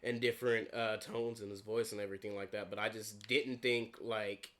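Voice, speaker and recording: A man's voice: on the low side, little pitch movement, moderate pace. A man co-hosting a casual gaming podcast, joking, laughing often and running through award winners. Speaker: podcast co-host. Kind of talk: casual chat.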